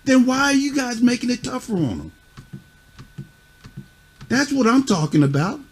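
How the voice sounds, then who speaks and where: A man's voice: extremely high pitch, very animated, normal speed, husky. A middle-aged man acting as a youth mentor, lecturing children sternly and bluntly, cursing and pressing them with repeated questions. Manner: scolding, repeats "huh?" and "you see what I'm saying"; blunt, curses.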